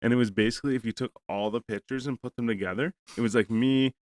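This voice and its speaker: A man's voice: mid-range voice, steady tone, fast, no room sound. A man hosting a podcast, telling a rambling, profane story in casual chat and acting out both sides of a conversation. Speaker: podcast host.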